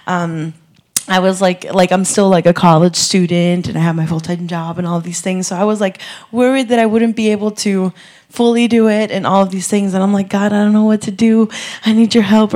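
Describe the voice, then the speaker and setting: A woman's voice: medium pitch, a little mellow. Nervous young woman giving church testimony. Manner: nervous, earnest, rambling with many fillers. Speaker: youth director.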